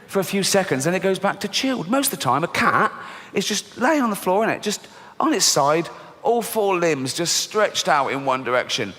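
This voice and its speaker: An English man in his fifties doing stand-up in a deadpan, crude way, his voice sitting a little high for a man. It rings through a large theatre with a long echo and faint ambience behind it. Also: a little hiss or hum. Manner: deadpan, dark and crude, acts out characters. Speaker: stand-up comedian. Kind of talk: stand-up comedy set. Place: theatre stage. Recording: reverberant hall, faint ambience.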